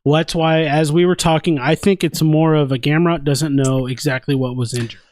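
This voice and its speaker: A man's voice: on the high side, fairly even intonation, fairly quick, darkish tone. A man co-hosting a fight watch-party podcast, swearing freely and circling back to the same argument again and again. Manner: profane, repeats his point insistently. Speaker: podcast co-host. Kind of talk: casual chat.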